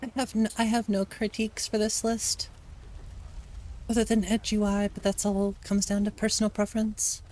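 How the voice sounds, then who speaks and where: A woman casually commenting on her gameplay as a streamer, chatty and relaxed, thinking aloud as she plays. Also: mid-range voice, normal speed. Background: soft lofi music.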